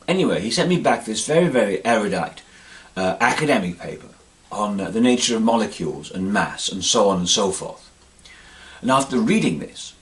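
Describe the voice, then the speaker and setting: A man's voice: lowish voice, fairly bright tone. A middle-aged man from England delivering a rambling, pompous comic monologue, forever adding "you see". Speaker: comedic monologue performer.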